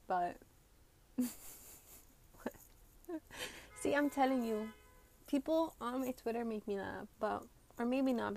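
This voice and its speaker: Chatty, profane young woman, higher voice. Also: gravelly, warm tone. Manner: chatty and profane, heavy use of "like". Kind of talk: casual storytelling to viewers.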